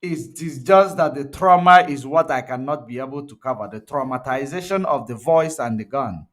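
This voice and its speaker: A man's voice: mid-range voice, normal speed. A man giving emphatic, repetitive livestream commentary. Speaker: online commentator.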